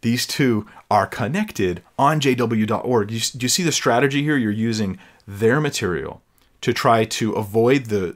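A man giving an earnest teaching talk, explaining step by step, repeating words as he goes and reading scripture aloud slowly. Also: fairly low pitch. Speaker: Bible teacher.

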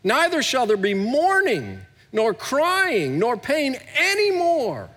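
A middle-aged pastor preaching a sermon, swinging between hushed and loud, recorded in a large church hall. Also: male voice, very high voice, huge pitch swings, slow. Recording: long hall reverb.

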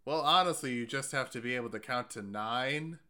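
A man's voice: mid-range voice, brisk, sharp tone. A man playing his character in a tabletop game, laid-back and laughing easily. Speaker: player.

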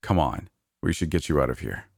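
A laid-back young man speaks casually, with a joking, reassuring manner, as voiced by a male storyteller. His voice is very low and recorded dry and close. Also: big pitch swings, fairly quick, vocal fry, husky, dry recording, full character voice.

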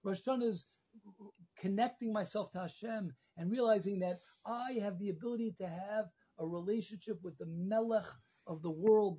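A man teaching a Torah class to alumni over a video call, emphatic and repetitive, pleading as he rises in pitch and volume. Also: mellow, slightly rough. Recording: dull lo-fi call audio.

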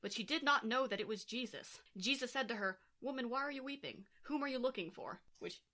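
Woman co-host, bright tone, sarcastic podcast banter with scripture read-alouds. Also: fairly high pitch, fairly quick. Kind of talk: casual comedic chat.

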